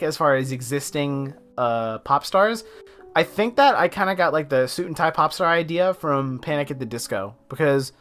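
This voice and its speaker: Casting: young man, chatty art streamer, mid-pitched, rambling, filler-heavy, faint lo-fi music underneath. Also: a bit bright. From United States. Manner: chatty, rambling, many fillers, laughs often. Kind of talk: casual live-stream chat.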